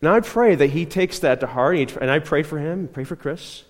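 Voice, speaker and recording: A man's voice: on the high side, expressive, fairly quick, big-room sound. A man preaching a conversational sermon as pastor, telling a personal story, repeating himself and often checking in with the congregation. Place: church.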